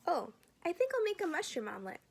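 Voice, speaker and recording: A woman's voice: very high-pitched, wildly swooping pitch, fast, vocal fry, a little hiss or hum, pitched above the performer's own voice, full character voice. A woman reading aloud, voicing a cheerful, confident father who is cooking for his sons.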